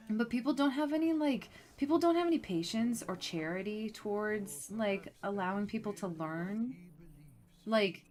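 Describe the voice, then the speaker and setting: A woman streamer chatting casually while playing, rambling and animated, full of fillers as she tells a story. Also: mid-range voice, slight background noise. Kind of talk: casual gameplay commentary.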